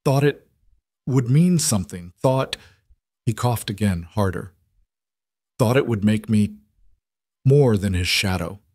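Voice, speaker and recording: A man voicing a dying young outlaw in a cowboy storybook who speaks weakly and haltingly. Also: lowish voice, a little mellow, no room sound, studio quality. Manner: weak, halting, coughing between words. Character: dying young male outlaw, bitter, broken.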